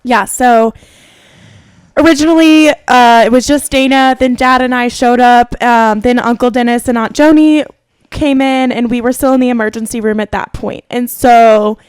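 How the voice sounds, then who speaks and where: A woman co-hosting a podcast, recounting events in a steady, plain way. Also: a little high, moderate pace, clean tone, no room sound. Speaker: podcast co-host. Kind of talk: casual chat.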